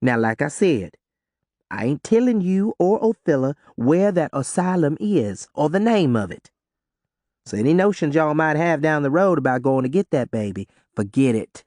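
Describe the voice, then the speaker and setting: A man voicing a gruff, secretive woman who speaks in a slow, low, clipped dialect. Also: sing-song, a little mellow, no room sound, studio quality. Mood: lecturing. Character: gruff, hard-drinking Southern woman, stern and secretive.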